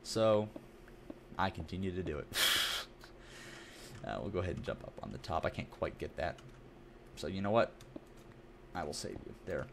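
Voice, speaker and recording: A man's voice: sits low, animated, moderate pace, gravelly, long pauses, slight background noise. A young man streaming a building game, chatting in a rambling, self-deprecating way with lots of asides. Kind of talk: casual gameplay commentary.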